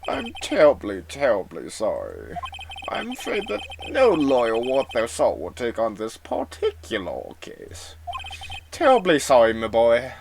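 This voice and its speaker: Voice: medium pitch, wildly swooping pitch, a little slow, gravelly, background noise, full character voice. A fan voice actor playing a pompous, evasive older male lawyer who stammers, with a put-on accent that slips. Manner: stammering, old-fashioned formal. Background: music.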